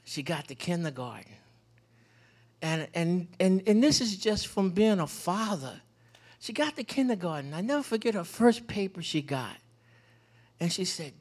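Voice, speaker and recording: A man speaking as a panel guest, telling animated stories about fatherhood and repeating phrases for emphasis. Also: high-pitched. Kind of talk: personal storytelling in a community panel.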